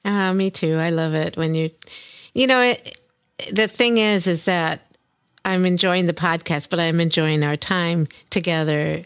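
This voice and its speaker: An older woman hosts a podcast in a bubbly, easy way, laughing often. Her voice sits a little low for a woman. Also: measured pace, clean tone. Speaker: podcast host. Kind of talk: casual podcast chat.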